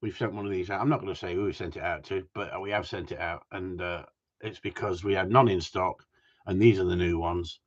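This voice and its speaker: Man, live-stream host, jokey and teasing, husky voice, muffled lo-fi audio. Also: low-pitched, steady tone, a little fast. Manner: jokey, teasing, reads viewer comments aloud. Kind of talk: casual live-stream chat. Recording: dull lo-fi sound.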